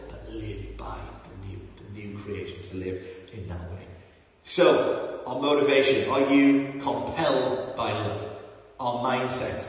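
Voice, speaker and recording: Guy giving a sermon, earnest and chatty, lots of ums, big echoey hall, mic kinda far and dull. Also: medium pitch. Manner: earnest, conversational, with frequent ums and restarts. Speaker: preacher.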